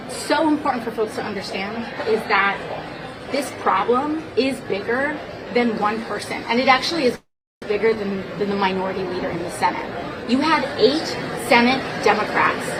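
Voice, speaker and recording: A woman, a congresswoman, answering press questions in an earnest, measured way. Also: a little high, animated. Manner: earnest, measured, repeats herself while thinking. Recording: distant mic, loud crowd noise.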